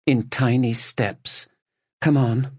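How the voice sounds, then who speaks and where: A man voicing a calm, supportive adult woman, speaking softly and reassuringly in an audiobook. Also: mid-range voice, slow pace, slightly rough, dry recording, pitched above the performer's own voice. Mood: gentle. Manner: soft and reassuring. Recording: dull, dry lo-fi recording.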